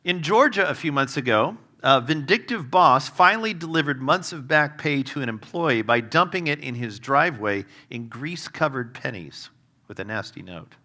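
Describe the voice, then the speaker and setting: Bright-voiced man preaching with humor. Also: medium pitch, lively intonation, moderate pace. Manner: humorous storytelling, self-deprecating asides; conversational with fillers, varied loudness. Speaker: guest preacher. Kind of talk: sermon.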